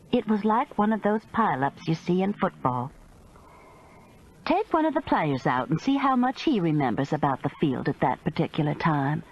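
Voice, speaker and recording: A woman narrating a first-person mystery audiobook in an expressive, measured storytelling manner. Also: medium pitch, dull audio.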